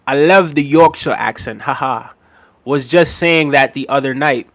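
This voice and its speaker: A man's voice: medium pitch, unhurried, a bit bright. A man hosting a casual livestream, reading viewer comments aloud and chuckling often as he answers them. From United States. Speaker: livestream host.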